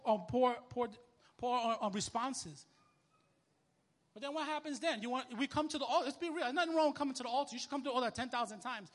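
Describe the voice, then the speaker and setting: A young man preaching a sermon as a minister, telling a story in casual, animated street talk. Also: very high voice, long reverb tail.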